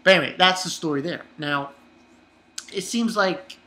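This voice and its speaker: A man talks through an anime episode in a loose, rambling way. His voice is bright and forward, and he drops in profane jokes and little chuckles. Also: high-pitched, normal speed. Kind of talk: casual rambling review.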